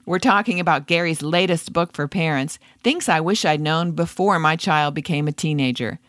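Radio announcer doing a smooth promo read, mid pitch, dry studio. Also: moderate pace, fairly bright tone, no room sound. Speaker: show announcer. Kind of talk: scripted announcement.

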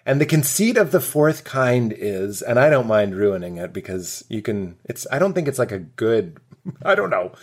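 Man, comedian guest, casual podcast chat, animated storyteller, acts out quotes. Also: mid-range voice, moderate pace.

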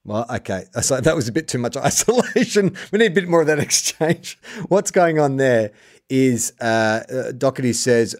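A man in an easygoing sports chat, joking and laughing often as he talks. His voice sits at a medium pitch. He is quick to play along with a gag. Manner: jokey, animated, laughs often. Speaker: podcast co-host. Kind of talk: casual chat.

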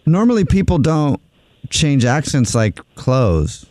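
A man's voice: medium pitch, sing-song, slow pace, a little mellow, no room sound, clean studio sound. A male radio host, amused and probing, who laughs easily. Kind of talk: radio show chat.

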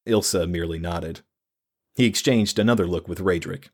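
Male narrator, deep low voice, steady scripted storytelling. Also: moderate pace, slightly rough. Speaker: audiobook narrator.

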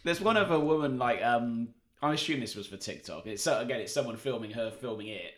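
A man's voice: mid-range voice, lively intonation, a little fast, a bit bright. Dry-humored man in a roomy space. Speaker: podcast co-host. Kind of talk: casual chat.

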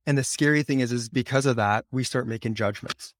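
A man appears as a guest author on a podcast interview, talking in a conversational way. He speaks earnestly and repeats phrases to press his point. His medium-pitched voice moves a little fast, recorded dry with clean studio sound.

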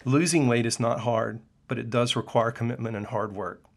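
Middle-aged man, clinician hosting a solo podcast, earnest and preachy, fills pauses with "uh", mid-range voice. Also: mid-range voice, fairly even intonation, creaky. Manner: earnest, preachy, with frequent "uh" fillers. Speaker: podcast host and functional medicine clinician. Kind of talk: personal monologue.

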